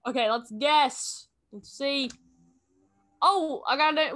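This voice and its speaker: A woman playing a guessing game, chatting casually and thinking out loud, often correcting herself mid-sentence. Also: high-pitched, expressive, slow. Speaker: game streamer. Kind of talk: casual gameplay chat.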